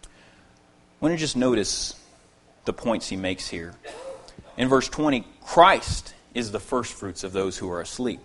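A man preaching an expository sermon to his congregation, earnest and emphatic, repeating key phrases and dropping to quiet asides. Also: medium pitch, expressive, measured pace, pauses often.

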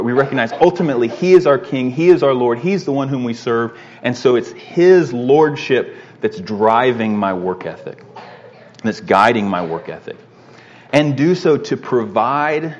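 A man teaching a Bible lesson in a conversational way, often pausing with fillers and asking "right?". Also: fairly low pitch, lo-fi sound.

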